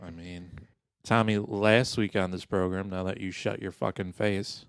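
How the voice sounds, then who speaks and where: A man's voice: sits low, steady tone, moderate pace, smooth, dry recording. A man co-hosting a podcast in casual banter, dry and self-deprecating, rambling with fillers. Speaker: podcast co-host.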